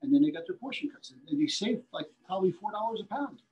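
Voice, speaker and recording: Folksy butcher teaching, says "okay?" often. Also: male voice, high voice, sing-song, quick pace, darkish tone, muffled recording. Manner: folksy, repeats himself, asks "okay?" often. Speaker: butcher instructor. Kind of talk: live cutting demonstration.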